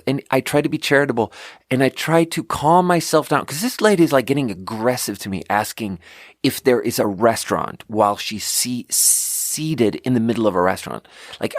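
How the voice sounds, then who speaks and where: A man's voice: mid-range voice, dry recording, clean studio sound. A man hosting a podcast, telling a story in a rambling, casual way full of fillers and restarts. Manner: rambling, filler-heavy, animated retelling. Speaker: podcast host.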